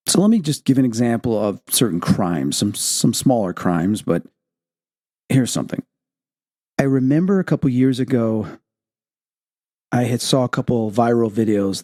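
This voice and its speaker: A man hosting a talk radio show, telling personal stories in an animated way and acting out quoted speech. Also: on the low side. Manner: animated storyteller, acts out quotes. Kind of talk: interview and personal storytelling.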